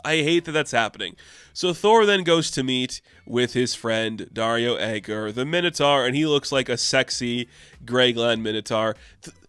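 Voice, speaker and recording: Excited rambling man doing a comic review vlog, swears a lot, mid pitch, dry close mic. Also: no echo.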